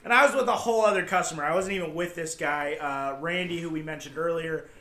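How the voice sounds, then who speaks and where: High bright-voiced man telling animated stories. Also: fast. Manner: animated storyteller, acts out shouting customers. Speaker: podcast host. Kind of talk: casual chat. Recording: echoey room, faint noise.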